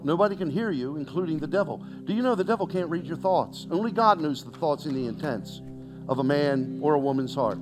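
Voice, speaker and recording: A man preaching a sermon, calling out questions to the congregation and swinging between loud exhortation and hushed, near-whispered lines. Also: a little high.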